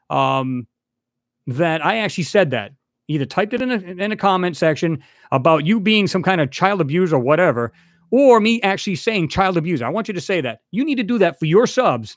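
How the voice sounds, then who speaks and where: A man's voice: high-pitched, no echo, clean studio sound. A man hosting his own channel, ranting heatedly and repetitively at a rival he addresses directly. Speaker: channel host. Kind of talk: angry ranting vlog.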